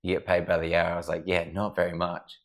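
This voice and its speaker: A man's voice: low-pitched, monotone, fast talker. A man telling sweary, rambling stories in casual chat at home at night. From Australia. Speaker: podcast guest. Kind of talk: casual storytelling. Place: house at night.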